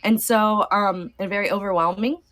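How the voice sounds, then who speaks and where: A woman's voice: mid-range voice, steady tone, normal speed, fairly bright tone. A woman in her thirties, a podcast guest talking in a heartfelt, casual way, sometimes near tears, with many fillers. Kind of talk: emotional casual conversation.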